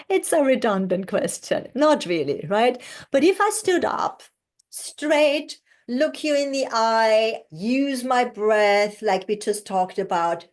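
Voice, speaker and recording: Slow, encouraging woman voice coach. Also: high voice, darkish tone. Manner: slow, encouraging, demonstrating breathing and tones. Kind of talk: online masterclass teaching. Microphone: video call.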